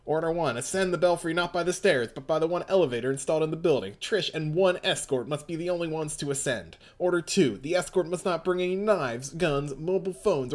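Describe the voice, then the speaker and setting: A man voicing a cold, secretive male gang boss who reads out formal orders in a measured way. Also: a little high, close to an everyday voice.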